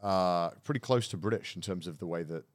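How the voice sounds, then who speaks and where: A man hosting a casual podcast chat, laid-back and rambling, often trailing off quietly. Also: deep voice, a little fast. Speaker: podcast host.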